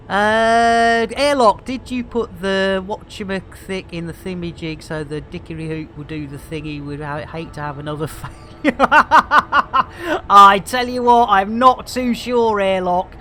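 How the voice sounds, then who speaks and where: A man's voice: high voice, a bit bright, slight background noise. A man giving comic, theatrical commentary while streaming a game. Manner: jokey, theatrical, stand-up patter.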